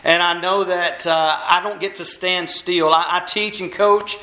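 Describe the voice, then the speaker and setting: In no hurry, a man with a high-pitched, sharp voice and fairly level intonation walks about preaching a folksy sermon that pokes fun at himself. It's conversational in tone and recorded in an echoing church hall.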